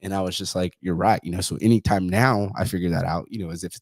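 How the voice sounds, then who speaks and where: A fast-talking man from California, in his thirties, delivers personal stories on his podcast in a low, steady voice. Casual and profane, he mimics the people he quotes, and the recording sounds dry.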